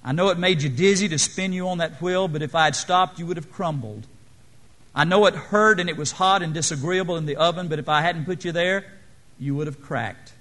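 A man voicing a patient master potter who gently explains why he shaped the cup. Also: a little high, a little fast, close to an everyday voice. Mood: gentle.

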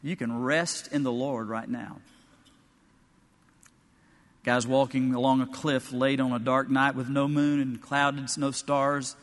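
A man preaching a sermon in a church sanctuary, telling stories with animated, emphatic delivery. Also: mid-range voice, takes it slowly, long pauses, long reverb tail. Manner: animated storytelling preaching, rising to emphatic peaks.

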